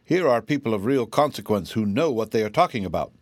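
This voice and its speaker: A man's voice: on the low side, animated, fairly quick, no room sound. A man voicing a proud, pompous male zebra in a storybook reading, with a formal and indignant way of speaking. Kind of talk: audiobook reading.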